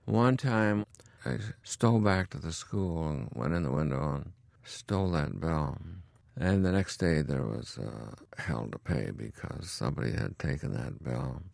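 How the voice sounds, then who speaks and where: A man's voice: very deep voice, unhurried, creaky, a little mellow, dry recording, studio quality. A retired country doctor in his eighties, telling wry stories from his school days to his grandson. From upstate New York. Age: 80s. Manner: wry, chuckling storyteller. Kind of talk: storytelling interview.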